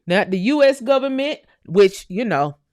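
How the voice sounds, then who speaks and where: A woman's voice: fairly high pitch, expressive, normal speed, a little mellow, no room sound. Fiery profane woman host, dry sound. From United States. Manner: profane, emphatic, repeating phrases. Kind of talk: heated live-stream rant.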